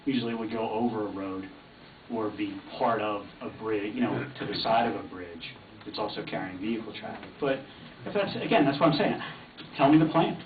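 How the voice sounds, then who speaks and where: A man's voice: fairly low pitch, expressive, fairly quick, crowd noise. A middle-aged man speaking as an insurance representative at a township meeting, hedging with plenty of fillers. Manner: hesitant, lots of hedging fillers. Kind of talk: public meeting discussion. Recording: distant, echoey, tinny, noisy.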